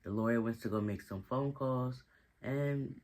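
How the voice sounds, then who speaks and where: Male recap vlogger, relaxed and slangy, mid-range voice. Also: medium pitch, a little slow, low-quality recording. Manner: slangy, chatty storytelling with frequent asides. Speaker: TV show recap host. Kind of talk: casual episode recap.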